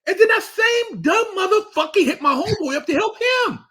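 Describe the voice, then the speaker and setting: Middle-aged male guest, very high pitch, emphatic storyteller with salty language. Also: brisk. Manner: animated, emphatic, heavy swearing, acts out quotes. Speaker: podcast guest. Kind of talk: casual chat, storytelling.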